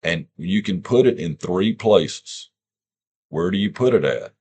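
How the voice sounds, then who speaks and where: A man's voice: sits low, expressive, a little slow, a little mellow, husky. A man teaching a scripture lesson in an informal way, sounding out words and asking rhetorical questions.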